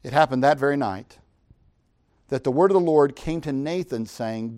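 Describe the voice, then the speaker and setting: A man's voice: mid-range voice, moderate pace, darkish tone. A man preaching a sermon, retelling scripture with emphatic, dramatic paraphrase.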